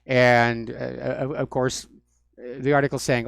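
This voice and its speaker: A man's voice: medium pitch, little pitch movement, slow, gravelly, no room sound, clean studio sound. A man hosting a talk radio show, delivering solo commentary in a sardonic, mocking manner. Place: radio studio.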